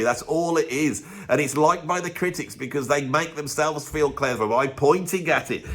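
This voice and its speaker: A man's voice: mid-range voice, fairly bright tone. A man hosting a music channel, delivering a grumpy, emphatic, opinionated rant to camera in a casual way. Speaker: music video host.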